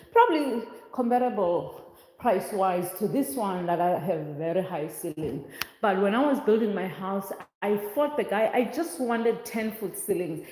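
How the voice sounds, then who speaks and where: A woman's voice: mid-range voice, mellow. Chatty South African woman touring a house. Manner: chatty, exclaiming, rambling asides. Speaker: vlogger. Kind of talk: casual walkthrough vlog. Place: inside a large empty house under construction. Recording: echoey rooms. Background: workers and noise nearby.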